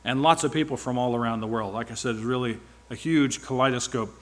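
A man's voice: medium pitch, fairly quick. A man speaking at church, giving a rambling, informal sermon-style report with wry asides.

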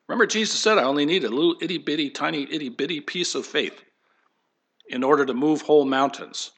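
A pastor preaching a conversational sermon, animated and folksy, acting out the voices he quotes. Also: mid-range voice.

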